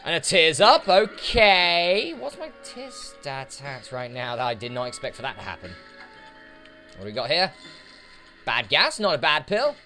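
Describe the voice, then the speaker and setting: A man's voice: medium pitch, very animated, normal speed, long pauses, sharp tone. A man giving casual let's play commentary, chatting to the enemies on screen as he plays, with game music behind him. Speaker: gaming YouTuber.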